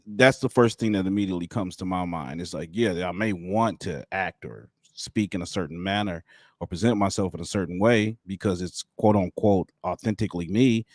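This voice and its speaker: A man's voice: deep voice, a little mellow, no echo, studio quality. A man hosting a live stream, musing aloud in a casual, rambling way with frequent restarts. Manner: thoughtful, rambling, with many restarts.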